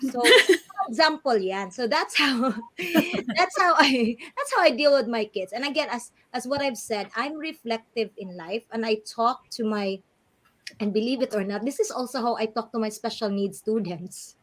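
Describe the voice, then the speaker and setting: A middle-aged woman, a coach being interviewed live, talking in an animated way and switching between English and Tagalog. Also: a little high, normal speed. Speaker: guest coach. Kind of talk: live online interview chat.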